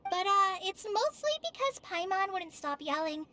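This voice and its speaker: A woman voicing a shy, gentle young forest ranger in a video game, soft-spoken and hesitant. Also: very high voice, sing-song, normal speed, slight background noise, full character voice. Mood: apologetic. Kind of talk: video game cutscene voice acting. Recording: game audio with music underneath. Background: game background music.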